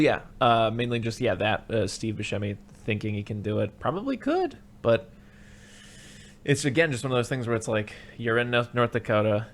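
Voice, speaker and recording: Man, podcast host, casual movie chat, acts out lines, faint background noise. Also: fairly low pitch. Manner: animated, acts out characters' lines in raised voices.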